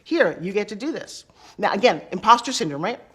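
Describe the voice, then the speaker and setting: Lively woman telling stories. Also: mid-range voice, slightly rough. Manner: lively, acts out quoted dialogue, quick asides. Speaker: interview guest. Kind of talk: animated storytelling.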